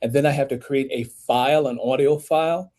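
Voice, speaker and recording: A man, an author and audiobook narrator, speaking as a podcast interview guest, animated, with emphatic rises in pitch when he makes a point. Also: brisk. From United States.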